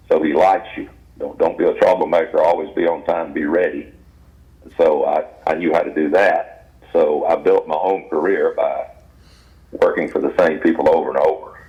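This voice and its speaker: An older man with a Southern US accent, a guest actor telling folksy, rambling stories in an interview. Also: extremely low pitch. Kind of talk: storytelling interview. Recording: dull lo-fi radio audio.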